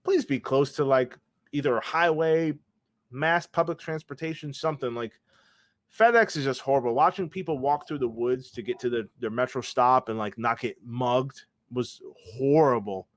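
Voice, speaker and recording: A man co-hosting a sports podcast, blunt and excitable, swearing freely. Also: mid-range voice, normal speed, dry recording. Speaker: podcast co-host. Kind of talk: casual sports chat.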